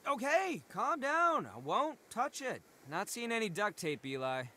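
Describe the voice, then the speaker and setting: A man's voice: extremely high pitch, sing-song, unhurried, sharp tone, full character voice. An actor playing a wry adult man in game dialogue, dry and amused as he plays along.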